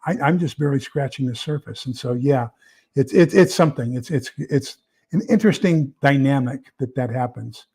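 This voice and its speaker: A man's voice: medium pitch, moderate pace, darkish tone, breathy edge. Rambling man hosting a casual livestream. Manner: rambling, many fillers and repeated words. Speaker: prepper channel host. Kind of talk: casual livestream chat reading comments.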